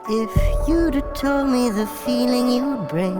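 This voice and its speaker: Earnest heroine, high drawn-out notes, music. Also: female voice, lively intonation. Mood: singing. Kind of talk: musical film song.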